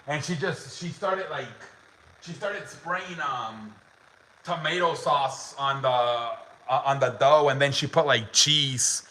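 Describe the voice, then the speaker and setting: A man's voice: mid-range voice, slow pace, bright, forceful tone, poor audio. A young man telling a story as a podcast host, casual and chatty, laughing often and swearing, with lots of "like" fillers.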